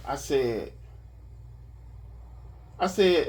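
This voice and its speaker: Man, husky voice, very lively pitch, casual profane storytelling for a vlog. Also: slow, long pauses. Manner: animated, profane, conversational. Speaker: vlogger.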